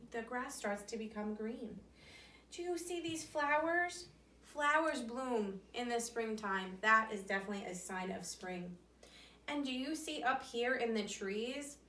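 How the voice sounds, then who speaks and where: A woman teacher with a bright, clear voice talks slowly and encouragingly to small children. She sits a little back from the mic in an echoey room. Her voice sits on the high side. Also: recorded from a distance. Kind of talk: online lesson and storybook reading. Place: home or classroom, filmed by a helper.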